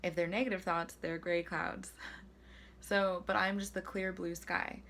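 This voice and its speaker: Chatty young woman vlogger, lowish voice. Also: little pitch movement, unhurried, creaky, a bit bright, slight background noise. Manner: chatty and self-deprecating, with frequent fillers. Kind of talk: casual self-help talk to camera.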